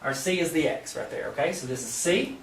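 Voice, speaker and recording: A man gives a math lesson at a board, his fairly high voice jumping lively up and down. He explains each step plainly and keeps slipping in playful jokes to the viewer. The sound is roomy, picked up from some way off the mic. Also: brisk, vocal fry, far from the mic. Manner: playful, jokey asides to the viewer. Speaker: math teacher. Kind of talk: joking whiteboard math lesson. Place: room with a whiteboard.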